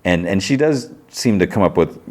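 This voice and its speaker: A man's voice: low-pitched, animated, normal speed, darkish tone. A man hosting a podcast, chatting casually as he retells a TV episode in a loose, rambling way. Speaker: podcast host.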